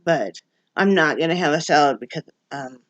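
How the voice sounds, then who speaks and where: A woman's voice: low voice, animated, moderate pace, no room sound, dull audio. A woman from Wyoming chatting at home for her vlog, rambling and restarting her sentences. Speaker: vlogger. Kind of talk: casual home chat. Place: at home, indoors.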